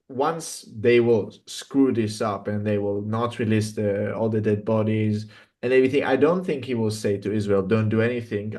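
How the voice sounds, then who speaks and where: A man giving skeptical political commentary as a guest, halting often with restarts and fillers. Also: mid-range voice, darkish tone.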